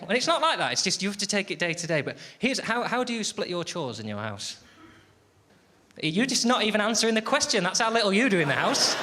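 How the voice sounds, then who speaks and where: A man's voice: sits high, fast. A man doing sardonic stand-up comedy, swearing freely and chatting with the crowd on a theatre stage. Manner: sardonic, lively, swears a lot, chats with the crowd. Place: theatre stage before a laughing audience. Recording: live show with loud crowd noise.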